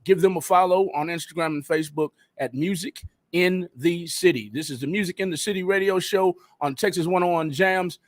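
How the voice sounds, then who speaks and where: Joking slangy male radio host. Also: sits high. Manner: loose, joking, drawn-out slang delivery. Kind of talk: casual live radio chat.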